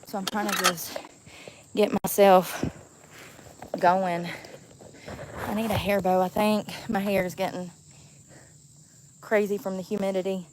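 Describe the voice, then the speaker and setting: A woman's voice: medium pitch, flat delivery, a little slow, pauses often, darkish tone, rough recording. A chatty woman talks into her phone as she walks through a lakeside park. She laughs often, leans on y'all, and gets a little out of breath on the hills. Faint outdoor noise sits behind her voice. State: out of breath while walking uphill. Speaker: vlogger. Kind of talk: casual vlog chat. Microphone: phone held while walking.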